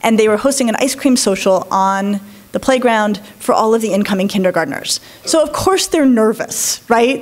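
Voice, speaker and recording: A woman in her forties with a slightly high voice tells a story to a live audience. She is animated and chatty, dropping into quick impressions of the people in her story and breaking off for asides. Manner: animated, acts out quoted voices, many asides. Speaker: child psychologist and speaker.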